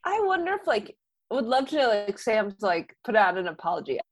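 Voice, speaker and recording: A woman's voice: mid-range voice, very animated, a little fast. A woman in casual podcast talk, chiming in with short, blunt remarks. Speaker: podcast co-host. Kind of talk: casual movie discussion.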